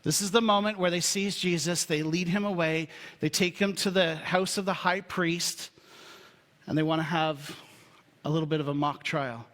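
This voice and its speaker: A pastor preaching a sermon in a relaxed, joking, conversational way before turning serious. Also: male voice, fairly high pitch, moderate pace. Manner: humorous, conversational storytelling. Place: church sanctuary. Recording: reverberant church hall.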